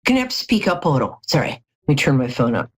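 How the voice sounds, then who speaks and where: A woman's voice: very animated, fast, breathy edge. A middle-aged American woman hosting a live call-in tarot show, telling jokey stories in a chatty way and sounding tired. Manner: chatty, jokey storytelling with big pitch swings. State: tired from no sleep. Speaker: psychic reader, show host.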